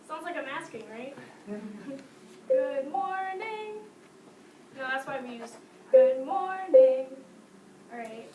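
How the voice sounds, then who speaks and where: Female music teacher, bright classroom energy, higher voice, distant noisy echoey recording. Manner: lively, sing-song demonstrations with frequent laughs. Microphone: distant camera mic.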